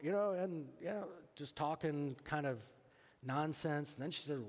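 Pastor telling a story in a reverberant church hall. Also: male voice, on the high side, animated, moderate pace. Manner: storytelling, acting out both sides of a dialogue. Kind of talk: sermon.

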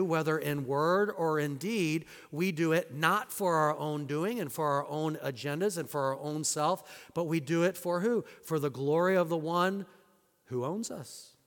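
A male pastor preaching a sermon in a conversational way and asking the congregation rhetorical questions. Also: fairly high pitch. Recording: long hall reverb.

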